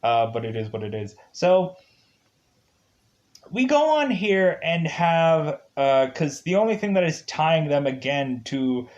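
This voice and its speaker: A man's voice: on the high side, big pitch swings, slow, highs cut off. A man with an Upper Midwest accent giving a casual, rambling review of a TV episode, full of fillers and chuckles.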